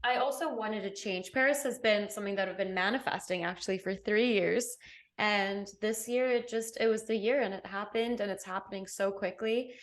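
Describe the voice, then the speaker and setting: Animated English-raised woman, American-tinged accent. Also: mid-range voice, moderate pace. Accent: American, with some British. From England and Botswana. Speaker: podcast co-host. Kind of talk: casual interview chat.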